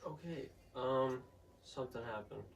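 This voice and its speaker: A man's voice: medium pitch, measured pace, creaky, distant mic, slight background noise. A man producing a live stream, explaining a glitch in a hesitant, apologetic way. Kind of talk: backstage chat.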